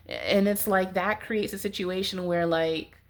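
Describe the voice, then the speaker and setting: A woman with a medium-pitched, steady voice gives a casual tarot reading at a slow pace. She sounds stuffy and congested, her tone nasal, and she rambles along with lots of "like"s.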